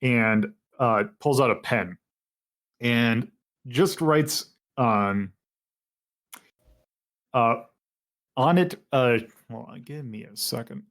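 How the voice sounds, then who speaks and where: A man narrating as game master of a tabletop game in a halting, meandering way. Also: mid-range voice, a bit bright.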